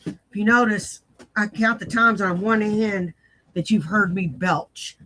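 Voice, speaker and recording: A woman's voice: medium pitch, a little slow, bright, forceful tone, rough recording. An older woman hosting casual commentary, rambling bluntly and poking fun at herself in a folksy way. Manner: blunt, self-mocking, folksy. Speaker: commentary host.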